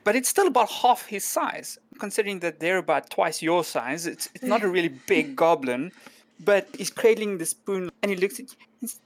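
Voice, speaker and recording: A woman narrating as game master of a tabletop game, with calm, descriptive storytelling. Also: fairly low pitch, moderate pace.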